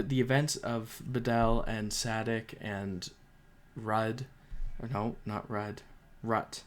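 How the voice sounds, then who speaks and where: A young man giving a casual spoken book review, emotional and rambling, with frequent restarts and fillers. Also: on the low side.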